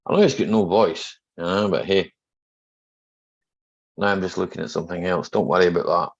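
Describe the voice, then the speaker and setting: A man's voice: low voice, lively intonation, moderate pace, gravelly, pauses often. A middle-aged Scottish man hosting a casual live chat from home, greeting viewers by name and joking. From Scotland. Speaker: live stream host. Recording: slightly dull lo-fi live stream audio.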